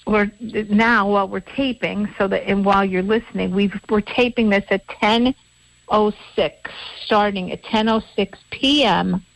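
A woman's voice: medium pitch, fairly even intonation, measured pace, gravelly, no room sound. A woman co-hosting a local radio talk show, telling a rambling story with many restarts. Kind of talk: casual radio chat. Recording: dry, dull-sounding radio studio audio.

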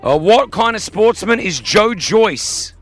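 A man's voice: sits high, animated. A man hosting a radio breakfast show, chatty and punning as he runs a quiz with a caller. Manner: chatty, jokey, quick with puns. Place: radio broadcast set up in a museum.

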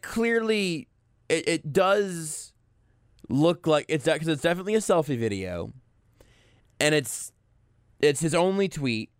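A man hosting a talk radio show, riffing wryly with a deadpan edge and frequent restarts. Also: fairly high pitch, smooth, no room sound, clean studio sound. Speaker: radio host. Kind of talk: casual talk-radio banter. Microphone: studio microphone.

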